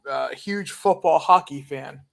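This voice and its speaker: A man with a slightly high voice giving earnest advice during a casual livestream. He stumbles through many fillers and restarts as he explains his points. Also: a little slow, vocal fry.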